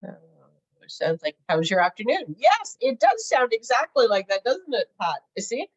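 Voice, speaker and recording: A woman's voice: on the high side, wildly swooping pitch, normal speed, breathy edge. A middle-aged woman hosting a crafting video, chatting casually, giggling and thinking aloud as she works. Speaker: crafting channel host. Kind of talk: casual crafting tutorial chat. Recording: dull lo-fi home recording.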